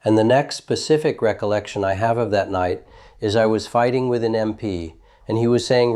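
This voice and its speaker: A man in his thirties giving grand jury testimony, recounting a night in halting detail and often repeating himself. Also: lowish voice, a little mellow. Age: 30s. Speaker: witness testifying. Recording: old archival audio.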